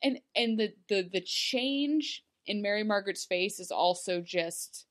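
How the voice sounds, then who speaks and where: A woman's voice: medium pitch, unhurried. Chatty woman recapping with a laugh. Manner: chatty, animated, many fillers, laughs while talking. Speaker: podcast co-host. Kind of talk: casual recap chat.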